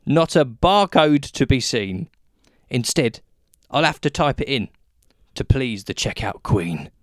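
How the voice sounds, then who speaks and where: Lively British man reading comic verse. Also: medium pitch, no room sound, studio quality. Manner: wry, self-mocking humour. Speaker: podcast host. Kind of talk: reading a comic rhyming poem.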